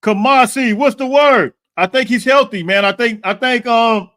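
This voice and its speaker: A man with a high-pitched voice hosts a live stream in loose, casual chat. He stumbles and restarts phrases often, breaking them up with throat clearing and the odd cough. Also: normal speed, a bit bright. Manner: restarts and repeats words, reads out viewer comments. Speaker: podcast host.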